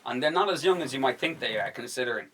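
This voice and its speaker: A young man hosting a podcast in casual chat, excitable and sweary, acting out scenes as he talks. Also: medium pitch, fast talker, slight background noise. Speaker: podcast host.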